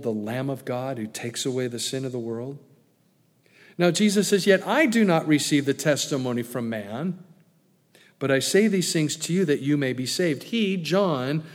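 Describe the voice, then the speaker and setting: A man's voice: a little high, a little mellow, big-room sound. A man preaching an expository sermon in an earnest, emphatic way, often repeating words and adding asides.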